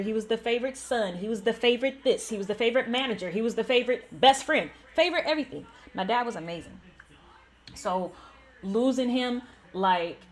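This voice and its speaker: Candid young woman telling a personal story. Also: medium pitch. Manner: candid and emotional, many "like" fillers. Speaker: Sims gaming channel host. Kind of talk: personal story told while gaming.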